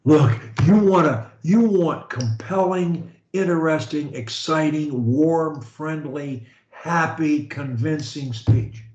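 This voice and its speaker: A man's voice: a little high, slow pace, hardly any pauses, darkish tone, roomy sound, lo-fi sound. A male speech coach on a call, encouraging and emphatic.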